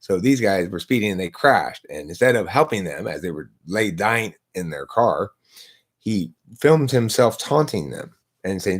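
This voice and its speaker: A man's voice: deep voice, animated, normal speed. A man hosting a live stream, arguing points in a lecturing way and posing rhetorical questions to himself, speaking into a laptop. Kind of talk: casual philosophical debate.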